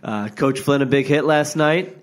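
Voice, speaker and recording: A man's voice: a little high, normal speed. A man co-hosting a casual sports podcast over a remote call, teasing and sardonic in his banter. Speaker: podcast co-host.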